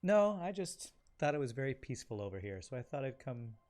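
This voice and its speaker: A man playing a courteous male adventurer who speaks gently and carefully. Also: medium pitch, big pitch swings, fairly quick, natural voice. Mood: gentle.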